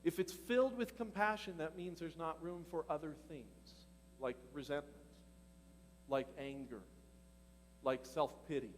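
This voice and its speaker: Male pastor, high voice, animated conversational sermon, long church-hall reverb. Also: measured pace, slight background noise. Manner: animated, conversational preaching with laughs and questions to the congregation.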